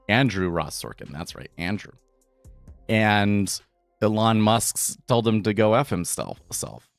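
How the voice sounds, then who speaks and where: A man with a low voice chatting on his live trading stream, wandering from one thought to the next and often restarting mid-sentence. The sound is dry and close, with faint music playing behind him. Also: expressive, slow pace, dry recording. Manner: rambling, restarts, thinks aloud. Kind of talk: casual live-stream commentary.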